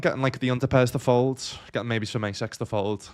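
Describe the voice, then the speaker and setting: A man's voice: mid-range voice, steady tone, fast talker, a little mellow, smooth. A young man chatting casually to his chat while he plays online poker. He swears often and calls viewers "mate" and "lad". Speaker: poker streamer. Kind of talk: live-stream commentary while playing.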